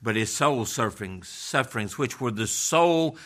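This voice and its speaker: A middle-aged man preaching a sermon, swinging between loud passionate stretches and hushed, almost whispered words. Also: mid-range voice, lively intonation, a little slow.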